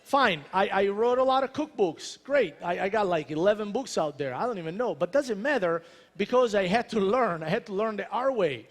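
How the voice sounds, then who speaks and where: A celebrity chef from Italy, a man in his thirties with an Italian accent and a fairly high voice, gives a motivational talk to a crowd in a large convention hall. He jokes with the audience, addresses them directly and hammers his points home animatedly at a moderate pace. The reverberant room gives his words a long echo.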